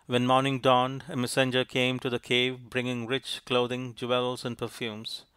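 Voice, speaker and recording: Guy reading a storybook aloud, smooth voice, very flat, dry close mic. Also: mid-range voice, dry recording. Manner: measured, even reading. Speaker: audiobook narrator. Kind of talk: scripted storybook narration.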